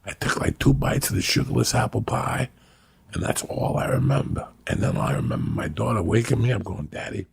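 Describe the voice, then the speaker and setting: Gravelly, husky man in his fifties. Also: medium pitch, expressive, brisk, no room sound. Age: 50s. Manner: rambling, profane, laughing storyteller. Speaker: podcast host. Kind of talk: casual storytelling chat.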